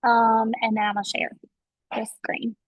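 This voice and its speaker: A woman's voice: fairly high pitch, level tone, a little slow, breathy edge, dry recording. A woman leading her sales team on a video call, chatty and enthusiastic as she coaches. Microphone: video call, webcam. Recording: dull lo-fi call audio, dry.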